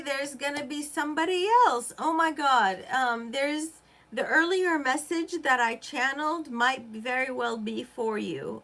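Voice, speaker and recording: A woman's voice: sits high, sharp tone. A woman from Iraq, a native Arabic speaker, giving a rambling, chatty live tarot reading and talking straight to her viewers. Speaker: tarot reader.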